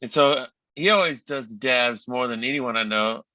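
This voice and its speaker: A man's voice: medium pitch, normal speed, bright, forceful tone, dry recording. A man in a band, chatting casually and telling rambling stories on a livestream. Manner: laid-back, rambling storyteller. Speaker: band member. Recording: dull lo-fi dry sound.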